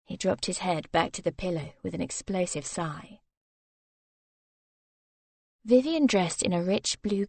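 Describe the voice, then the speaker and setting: A woman's voice: mid-range voice, dry recording. Woman narrating a romance novel. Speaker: audiobook narrator.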